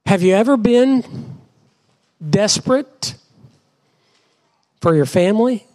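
Guy preaching in church, high voice that swoops around a lot, keeps asking the crowd questions. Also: lively intonation, takes it slowly, dark tone. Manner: dramatic, asks the congregation rhetorical questions. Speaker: pastor. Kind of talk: sermon. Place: church before a congregation.

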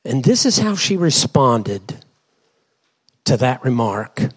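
A man's voice: medium pitch, sing-song, takes it slowly, long pauses. A male pastor preaching a sermon to his congregation in church, dramatic and full of rhetorical questions.

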